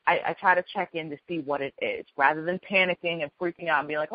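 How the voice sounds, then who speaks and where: A woman hosting a call as a spiritual healer, teaching in a gentle, earnest way and repeating her key phrases. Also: low-pitched, fast talker, no room sound, dull audio. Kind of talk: spoken teaching on a group call.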